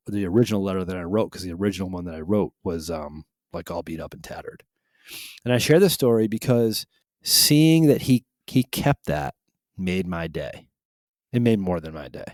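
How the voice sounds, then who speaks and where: Man, podcast co-host, teacher, low voice, animated storytelling, dry close sound. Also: no echo. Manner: animated storyteller, musing aloud. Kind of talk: casual podcast chat.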